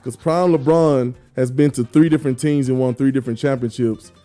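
A man's voice: medium pitch, steady tone, fairly quick, dark tone, faint music behind. A male podcast host in a casual sports debate, teasing his co-host and reading viewer comments.

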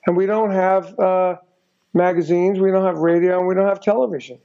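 An older man telling stories as an interview guest, rambling and filling every pause with "you know". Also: high-pitched, fairly even intonation, vocal fry. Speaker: guest musician. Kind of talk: casual storytelling interview. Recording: dull lo-fi recording.

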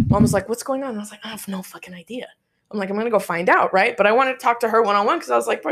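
A young woman telling a story in casual chat, swearing freely and acting out what people said. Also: mid-range voice. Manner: profane, animated, quotes people in their voices.

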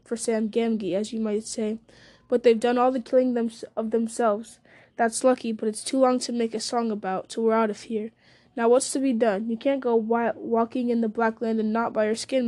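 Give me a devoted, homely male hobbit servant, deferential and plain, mellow tone, as a woman reads him. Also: on the high side, lightly acted.

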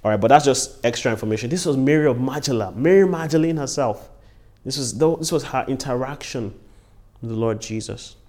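An earnest man leads a devotional Bible teaching at a middle pitch. He repeats his key phrases so they land and drops short words of praise between his points. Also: fairly quick, darkish tone. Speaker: preacher and podcast host.

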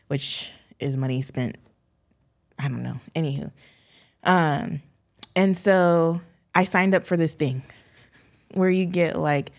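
A woman in her thirties co-hosting a casual podcast chat, telling family stories in a chatty way and trailing off into softer asides. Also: low voice. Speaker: podcast co-host, mother.

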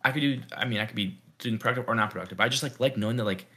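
A man's voice: mid-range voice, very fast, bright, forceful tone. A young man co-hosting a casual podcast chat, rambling and thinking aloud with lots of "like". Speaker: podcast co-host.

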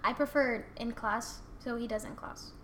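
A young woman with a high voice co-hosts a podcast, reacting quickly and animatedly. A faint hiss of noise sits under her voice. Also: steady tone, fairly bright tone. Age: young adult. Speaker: podcast co-host. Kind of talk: casual chat.

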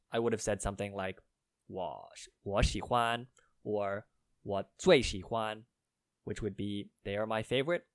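Slow, careful man explaining phrases. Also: lowish voice, dry recording, clean studio sound. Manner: slow, careful spelling out of tones. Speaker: language learner.

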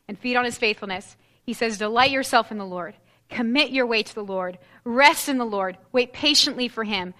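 A woman preaching a sermon in an earnest, expressive way, reading scripture aloud and lifting her voice for emphasis. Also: a little high. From United States.

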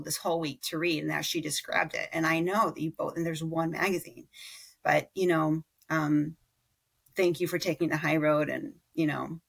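A woman's voice: deep voice, gravelly, a bit bright, husky. A woman in her thirties, a mother and podcast guest, talking candidly and reflectively about parenting, with frequent fillers and restarts. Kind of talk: conversational interview.

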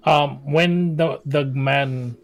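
A man playing a tabletop game, chatty and halting, with frequent laughs as he describes his actions. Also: medium pitch, fairly even intonation, vocal fry, low-quality recording. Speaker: player. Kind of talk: casual tabletop play.

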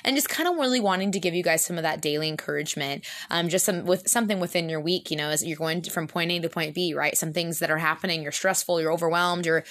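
Upbeat young woman cohosting a chill faith podcast, bright voice, lots of likes. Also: fairly low pitch, quick pace, hardly any pauses. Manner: bubbly, upbeat, lots of fillers like "like" and "kind of". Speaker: podcast co-host. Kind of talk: casual faith podcast chat.

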